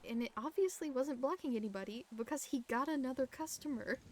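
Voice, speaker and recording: A woman telling a story in character on a roleplay game stream, animated and acting out what others said. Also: high-pitched, a little fast, a little hiss or hum.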